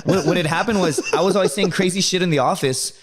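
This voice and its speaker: A man telling rambling, profane stories in casual podcast chat. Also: high-pitched. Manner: profane, rambling, fast storyteller. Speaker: guest. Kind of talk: casual storytelling.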